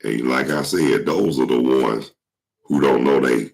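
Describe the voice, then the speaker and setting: A man with a cold and a hoarse throat, rambling casually to his viewers in slangy, swear-filled talk. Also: extremely low pitch, a little slow, a little mellow, poor audio. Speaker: vlog host.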